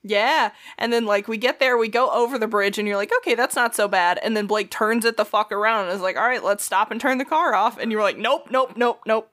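Young woman co-host, quick joking delivery, casual cursing. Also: mid-range voice, fairly bright tone. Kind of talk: casual storytelling chat.

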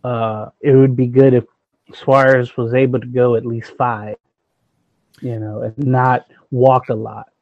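A man's voice: mid-range voice, flat delivery, a little slow, no echo, highs cut off. A man co-hosting a casual baseball podcast who talks hesitantly, thinking aloud with many fillers. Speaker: sports podcast co-host.

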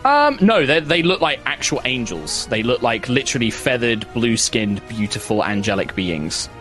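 Man, game master, rambling tabletop narration, mid pitch, faint music behind. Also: sing-song, moderate pace, a bit bright. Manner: rambling, full of fillers and restarts.

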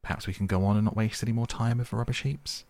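A man's voice: lowish voice, steady tone, quick pace, a little mellow, dry recording, pitched above the performer's own voice, natural voice. A man voicing a fussy, stubborn male mole who grumbles and complains in a petulant way.

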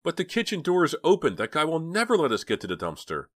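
A man voicing a nervous, excitable teenage girl who speaks in an anxious, wailing way. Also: on the high side, fast talker, pitched above the performer's own voice.

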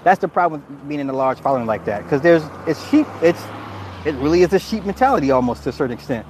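Man streamer, casual reaction chat, slightly high voice, swears a lot, laughs often, keeps restarting his sentences. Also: lively intonation, quick pace, darkish tone, a little hiss or hum. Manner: frequent restarts and repeated words. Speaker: streamer reacting to viewer comments. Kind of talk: casual livestream commentary.

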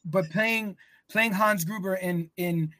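A man's voice: high-pitched, slow, bright, forceful tone, no room sound. A man co-hosting a podcast in casual, profane chat, rambling and searching for words as he talks. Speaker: podcast co-host.

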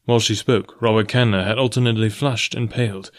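A man narrating a novel in a steady, even storytelling way. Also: fairly low pitch, quick pace, dry recording, clean studio sound. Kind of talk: audiobook reading.

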